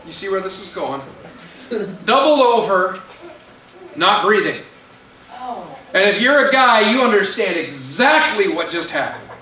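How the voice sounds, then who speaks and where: A pastor telling a personal story in a sermon, acting out the voices of the people in it. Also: male voice, high voice, measured pace, pauses often. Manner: animated storyteller acting out quotes. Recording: echoey room, mic at a distance, faint hiss.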